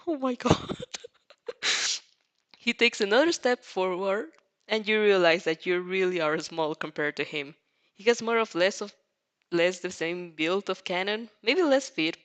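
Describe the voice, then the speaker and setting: This reader's mid-range voice is a bit bright, clear, and resonant. They casually read a fanfic out loud, reacting along the way, often fumbling words and dissolving into laughs.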